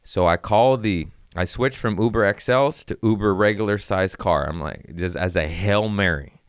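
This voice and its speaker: A young man, a comedian hosting a podcast, telling a story in a profane, animated casual way. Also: fairly low pitch, normal speed, clean tone, no room sound, studio quality.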